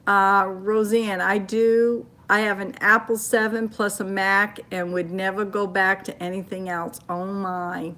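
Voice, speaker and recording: A woman's voice: medium pitch, little pitch movement, unhurried, few pauses, sharp tone. Older chatty woman from Maine. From Maine, USA. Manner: chatty storytelling, reacting to comments. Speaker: livestream host reading viewer comments. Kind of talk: casual livestream chat. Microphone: phone.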